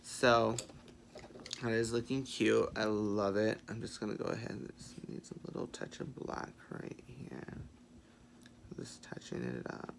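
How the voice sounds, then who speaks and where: A man chatting through a makeup tutorial in a sassy, playful way, swearing freely and muttering quiet asides to himself. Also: lowish voice, fairly even intonation, unhurried, creaky, noisy background. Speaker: makeup vlogger.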